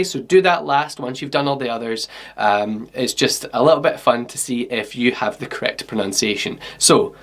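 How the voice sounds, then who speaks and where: A man's voice: medium pitch, fairly bright tone. Chatty Scottish man teaching a class. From Scotland. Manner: chatty, instructive, often saying okay and um. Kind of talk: online classroom workshop.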